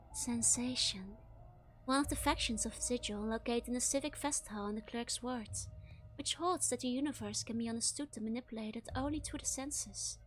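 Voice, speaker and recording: A woman voicing a sultry, bored talking skull in a slow, languorous whisper, as a whispered role-play. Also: on the high side, close to an everyday voice.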